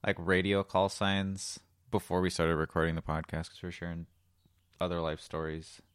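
A man's voice: low voice, monotone, normal speed, clear, resonant tone, no room sound, studio quality. A man with a Texan accent, co-hosting a podcast and telling a rambling work story with lots of laughs. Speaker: podcast co-host. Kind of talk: casual chat.

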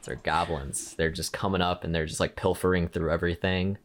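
Deep-voiced man rambling through a pitch. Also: flat delivery, fairly quick, slight background noise. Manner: rambling, many fillers and restarts, acts out quoted voices. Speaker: podcast co-host. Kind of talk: casual chat.

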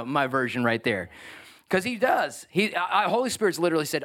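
High-voiced man preaching a sermon. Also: fast. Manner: energetic preaching, rising in pitch when stressing points. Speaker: pastor.

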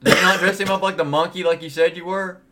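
A man's voice: high-pitched, fairly even intonation, quick pace, pushed and bright. A man in crude improvised role-play banter, teasing and needling the others.

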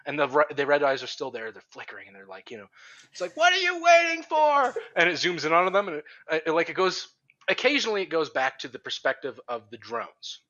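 A man co-hosting a casual podcast, brainstorming a movie idea and acting out scenes with shouted lines. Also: fairly high pitch, fast. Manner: animated, acts out scenes with shouted character voices. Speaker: podcast co-host. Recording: slightly dull lo-fi sound.

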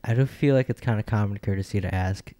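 A man with a lowish, mellow voice chats easily on a podcast. He asks questions in a relaxed, easygoing way. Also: fast, slight background noise. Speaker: podcast co-host. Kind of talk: casual chat.

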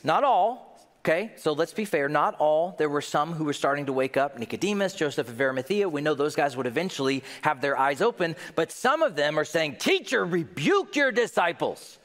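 A man's voice: fairly high pitch, expressive, moderate pace, fairly bright tone, big-room sound. A man preaching a sermon, asking rhetorical questions and joking with his congregation. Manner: jokes with the congregation. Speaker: pastor.

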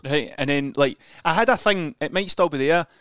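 Scottish guy, smooth clear voice, wry and easygoing, dry sound. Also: a little high, normal speed, fairly bright tone, dry recording. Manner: laid-back, wry, swears casually. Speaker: podcast co-host. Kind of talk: casual chat.

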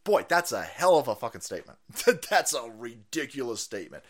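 A man hosting a stream, ranting in profane political commentary with mocking asides and sudden shouts. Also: medium pitch, big pitch swings, brisk. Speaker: streamer host.

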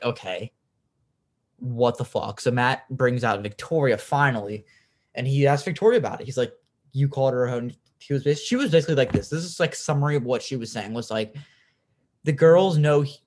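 A man's voice: medium pitch, darkish tone. A young man hosting a podcast, recapping in a chatty, opinionated way, with lots of "like" and free swearing. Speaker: podcast host.

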